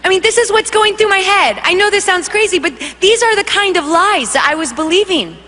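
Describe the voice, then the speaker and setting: Young woman, high bright voice, animated storyteller at a church stage mic, long hall reverb. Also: a little fast. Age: young adult. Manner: animated storytelling, acts out voices, laughs often. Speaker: worship leader giving testimony. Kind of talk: testimony preached to a congregation.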